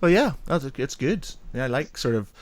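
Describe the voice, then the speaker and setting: Animated, sweary male podcast host. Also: medium pitch, moderate pace, no echo. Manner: animated, swearing, laughing often. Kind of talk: casual chat.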